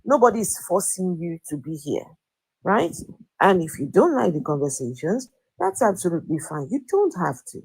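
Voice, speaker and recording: A woman's voice: fairly low pitch, big pitch swings, moderate pace, gravelly, a little mellow, breathy edge, poor audio. A woman hosting a live audio-room debate, firm and blunt, who presses the same question again and again. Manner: firm and blunt, repeats her questions insistently. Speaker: host of an online audio discussion room.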